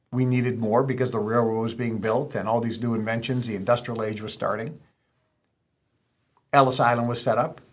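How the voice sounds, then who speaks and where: A man speaking in an emphatic, lecturing way. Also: mid-range voice. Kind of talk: speech.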